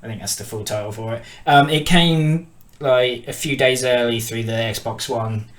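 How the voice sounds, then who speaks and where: A man's voice: mid-range voice, normal speed. A British man hosting a gaming podcast, chatting casually, teasing his guest and swearing freely. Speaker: podcast host.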